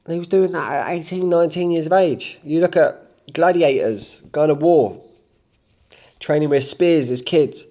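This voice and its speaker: A man's voice: a little high, normal speed, mellow. A man, a coach giving a blunt, rambling, impassioned motivational talk, unscripted. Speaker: self-improvement coach.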